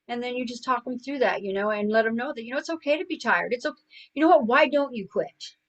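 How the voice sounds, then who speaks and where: The audio is poor, and the woman's voice sits a little high. She's a middle-aged guest, a suicide prevention coach, telling personal stories in an earnest, conversational way and saying "you know" a lot.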